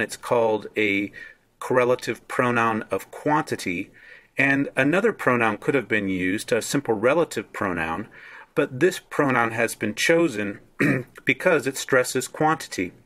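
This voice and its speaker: A man teaching a lesson on a Greek Bible verse, explaining the text word by word in a deliberate way. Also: medium pitch, a bit bright. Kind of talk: screen-share Greek lesson.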